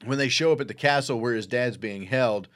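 A man's voice: medium pitch, brisk, fairly bright tone. A man co-hosting a podcast, talking through a movie in a rambling, casual way and acting out lines in passing. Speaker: podcast co-host.

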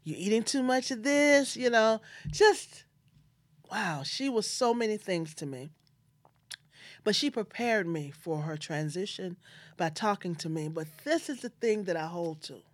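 Low-voiced woman telling a heartfelt personal story. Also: lively intonation, unhurried, no echo. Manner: heartfelt, earnest, quotes others with feeling. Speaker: host.

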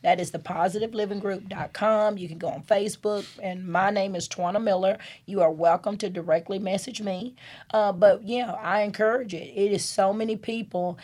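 Woman guest, support group organizer, mid pitch, emphatic and repetitive. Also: fairly even intonation, normal speed, darkish tone. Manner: emphatic, repeats points with many fillers. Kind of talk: casual interview chat.

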